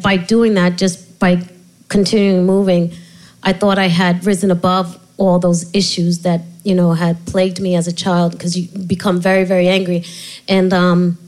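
On poor audio, a middle-aged author with Puerto Rican roots and a fairly low voice recounts her life in a candid interview as a guest, laughing frequently and telling it animatedly with many restarts.

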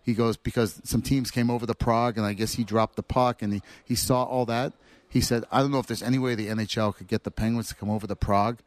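A man, a former player, telling animated anecdotes as a guest. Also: mid-range voice, fast, no echo. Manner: animated storyteller acting out quotes. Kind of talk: anecdotal storytelling.

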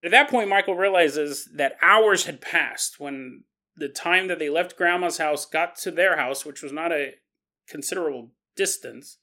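A man hosting a podcast and telling a paranormal story in a lively, conversational way. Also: a little high, measured pace. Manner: animated, conversational retelling. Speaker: podcast host.

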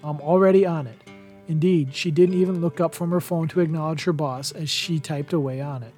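A man reading a chapter of a holiday novel aloud as a podcast narrator, in a steady, even storytelling manner. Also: high voice. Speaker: podcast reader. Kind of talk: audiobook narration.

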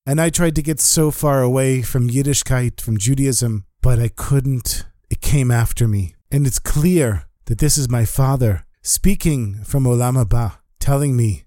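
A man narrates a story with animated delivery, slipping into the voices of the people in it. His voice is mid-pitched and sits close and dry. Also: normal speed, hardly any pauses, dry recording. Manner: animated, acts out quoted speech.

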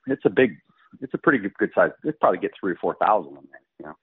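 Low-pitched and racing, with a breathy edge, the voice comes through a phone-like radio line. It's a middle-aged pro golfer casually telling an animated story, acting out quotes and laughing frequently.

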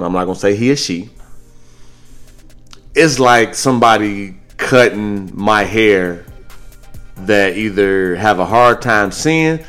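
A man hosting a podcast, telling stories in a casual, animated way, with his voice jumping higher when he jokes. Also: clean tone. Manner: animated storytelling, jumps high when joking. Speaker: podcast host.

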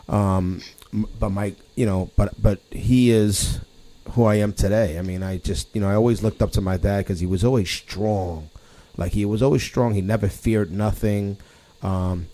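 A middle-aged man hosting a casual podcast, talking in a halting way with many restarts. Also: fairly low pitch, dark tone, low-quality recording. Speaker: podcast host.

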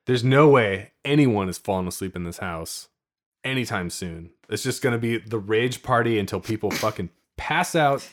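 A man's voice: on the low side, animated, normal speed. Man telling a rowdy story, laughing. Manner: profane, laughing, acts out quoted voices. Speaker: podcast host telling a story. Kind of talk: casual storytelling chat.

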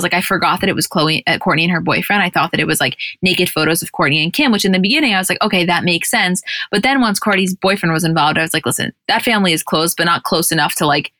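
A woman's voice: on the low side, sharp tone, no room sound. A woman co-hosting a podcast, casually recapping TV scenes and acting out the dialogue as she goes. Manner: chatty, retells scenes with quoted dialogue. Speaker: podcast co-host.

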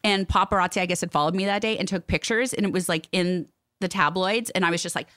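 A woman's voice: lowish voice, quick pace, a bit bright, dry recording, studio quality. A woman co-hosting a podcast, chatting casually and telling stories with lots of "like". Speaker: podcast co-host. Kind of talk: casual chat.

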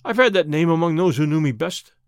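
A man reading an audiobook, voicing a bold, calm young outlaw who gives quick, cool replies. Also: on the high side, no echo, clean studio sound.

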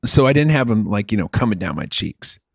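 A middle-aged man telling a long story in casual chat. He talks in an animated, rambling way and drops in the odd swear and "dude". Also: lowish voice, brisk, creaky, dry recording, clean studio sound.

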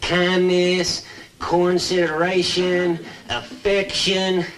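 A rough hillbilly man, gun always close at hand. He drawls his words out slowly in a high, raised voice. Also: completely flat delivery, fairly bright tone, exaggerated voice. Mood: gruff.

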